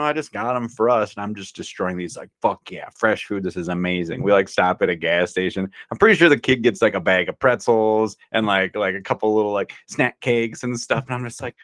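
A man's voice: fairly low pitch, lively intonation, a little fast, hardly any pauses, fairly bright tone, dry recording, clean studio sound. A young man in a casual podcast chat, laid-back and enthusiastic, swearing freely as he tells stories. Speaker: podcast co-host.

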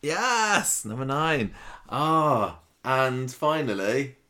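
A woman's voice: rumbling low, brisk. A woman co-hosting a podcast, chatting casually and playfully with frequent laughter. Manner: giggly, playful, lively. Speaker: podcast co-host. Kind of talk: casual chat. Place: hotel room. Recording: slightly echoey room.

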